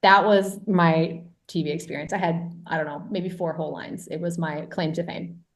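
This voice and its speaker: A woman guest on a podcast telling a story casually, lively and self-mocking, with lots of "like" and a bit of swearing. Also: lowish voice, normal speed.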